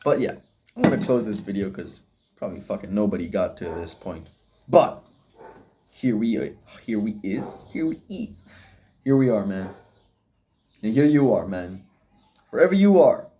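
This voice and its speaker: A man's voice: lowish voice, expressive, normal speed, pauses often, mellow, a little hiss or hum. A young man rambling philosophically in a casual solo vlog, swearing often and laughing at himself. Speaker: vlogger.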